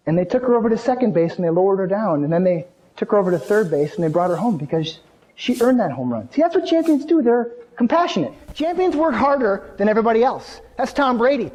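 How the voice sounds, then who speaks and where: A middle-aged man delivers a motivational keynote to a live audience. He tells stories with energy, asks the crowd questions and speaks up to fill the space. A long reverb trails his voice around the large hall. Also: high voice. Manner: energetic storytelling, addresses audience directly.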